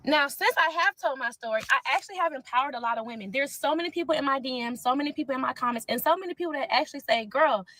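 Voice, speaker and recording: A young woman, a content creator ranting loudly and sassily in a reaction vlog, swearing a lot. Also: high-pitched, very fast, few pauses, no echo, poor audio. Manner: loud, sassy, animated, swears a lot.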